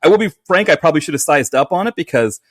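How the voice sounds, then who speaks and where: A man chatting as a podcast guest, animated and rambling with many fillers. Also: on the high side, racing, no room sound. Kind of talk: casual chat.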